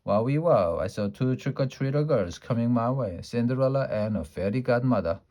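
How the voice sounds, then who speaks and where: A man reading a children's chapter book aloud in a lively storytelling way, now and then stumbling over a word. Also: mid-range voice, a little fast. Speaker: storybook reader.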